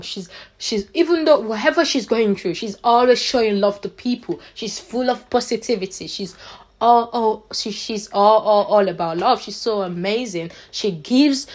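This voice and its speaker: Earnest woman giving a fervent pep talk. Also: on the high side. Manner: emphatic and repetitive, restarting phrases; earnest, faith-filled encouragement. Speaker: vlogger. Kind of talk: motivational pep talk to viewers.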